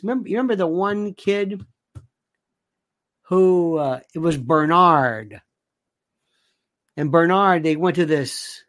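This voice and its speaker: A man's voice: high-pitched, no room sound. A man in his sixties rambling through a movie memory, acting out quoted lines as he goes. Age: 60s. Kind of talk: casual storytelling monologue.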